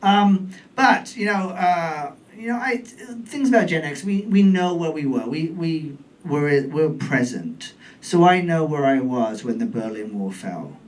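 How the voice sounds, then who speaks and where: A British man from England in his forties, performing a stand-up comedy set in a comedy club with a camp, animated delivery. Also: on the high side, unhurried, few pauses, recorded from a distance. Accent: British English.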